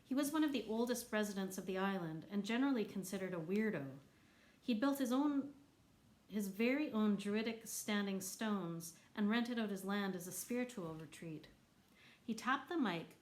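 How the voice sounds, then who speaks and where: A woman's voice: mid-range voice, moderate pace, poor audio. Woman narrating a novel aloud. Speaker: audiobook narrator. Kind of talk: scripted narration.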